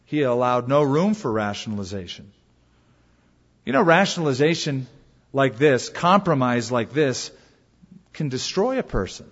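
A man's voice: mid-range voice, sing-song, moderate pace, pauses often. Man preaching in a reverberant hall. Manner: dramatic storytelling, rhetorical questions. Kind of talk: sermon. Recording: dull reverberant hall recording.

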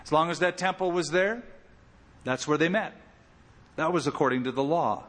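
A man preaching an expository sermon as pastor, animated, with big swings in pitch and loudness. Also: normal speed, big-room sound.

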